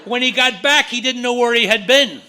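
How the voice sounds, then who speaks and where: A middle-aged man with a Northern Irish accent telling his recovery story at a meeting, with quick jokes and punchlines. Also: very high-pitched, bright, forceful tone. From Northern Ireland. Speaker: AA speaker.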